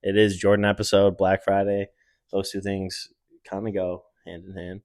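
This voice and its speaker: Young male podcast co-host, low voice, relaxed, quick reactions and asides. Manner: laid-back, chimes in with short reactions. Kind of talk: casual chat.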